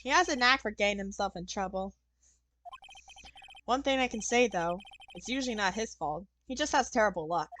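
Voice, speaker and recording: A woman's voice: mid-range voice, expressive, moderate pace, pauses often, fairly bright tone, slight background noise, natural voice. A woman voicing a nervous young male defense attorney, reading his game lines in her normal voice. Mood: narrating. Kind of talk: game dialogue read aloud.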